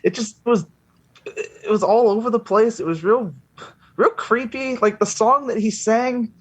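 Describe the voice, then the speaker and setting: A man's voice: high-pitched, unhurried, husky. A man guesting on a movie podcast, rambling in casual chat full of "like" and the odd curse. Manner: rambling, profane, many "like" fillers.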